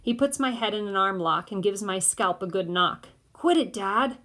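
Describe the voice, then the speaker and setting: A woman narrating an audiobook in the first person of a boy, in a measured way. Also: mid-range voice, bright, forceful tone.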